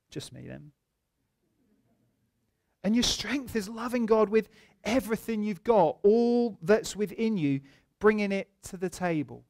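High-voiced man preaching. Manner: conversational preaching with humorous anecdotes. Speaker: pastor. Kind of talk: sermon.

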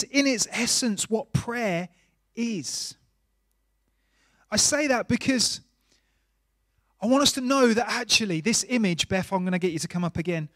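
A middle-aged man preaching a sermon in a church, earnest, dropping to a hush and rising to emphasis. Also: high-pitched, dry recording, studio quality. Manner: earnest, varies volume from soft hush to emphatic. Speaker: pastor.

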